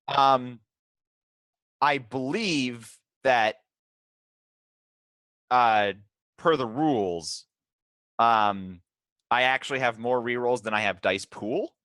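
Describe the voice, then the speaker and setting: A man's voice: medium pitch, slow, pauses often, fairly bright tone, smooth, no room sound. A man playing a tabletop game, arguing over the rules and hesitating with many fillers. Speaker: player.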